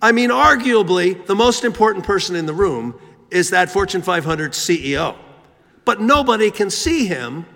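A man's voice: sits high, lively intonation, normal speed, creaky, pushed and bright. A man preaching a sermon, telling a story with rhythmic repetition. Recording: long hall reverb.

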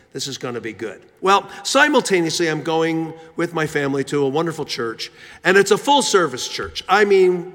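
A man's voice: sits high, a bit bright. A man from Philadelphia telling a humorous, self-mocking story in a sermon, with frequent fillers and restarts. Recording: reverberant church hall.

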